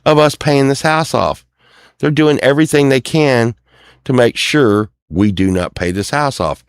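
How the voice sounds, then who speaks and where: A man's voice: medium pitch, measured pace, clean tone, no echo, clean studio sound. A middle-aged man rambling and venting on his own show, acting out other people's lines as he complains. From Texas. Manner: sings a few lines softly. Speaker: show host. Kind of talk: casual rambling monologue.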